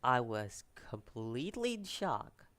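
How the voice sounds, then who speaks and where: A man reviews an anime episode in a rambling, animated, casual way, speaking English with a non-native accent. He trips over names and starts sentences again, talking slowly in a mid-range voice.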